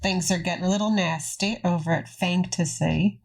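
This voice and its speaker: A woman's voice: fairly low pitch, steady tone, moderate pace, creaky. A woman playing a tabletop role-playing game, speaking in a dry, wry way. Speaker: player.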